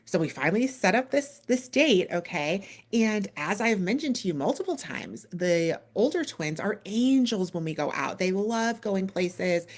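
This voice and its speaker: A woman in her thirties hosting a podcast, telling a long story in a casual, animated way, full of "like" and acted-out dialogue. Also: lowish voice. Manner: animated, lots of "like" and quoted dialogue. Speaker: podcast co-host.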